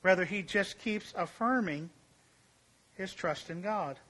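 A man preaching a sermon, stressing key phrases by repeating them and slowing down, with his voice falling softer at the ends of points. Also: high-pitched. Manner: emphatic, repeats key phrases, slows and drops to a hush for emphasis.

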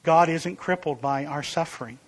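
A man preaching a sermon in an earnest, emphatic way. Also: normal speed. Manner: earnest, emphatic, rises in pitch and volume for illustrations.

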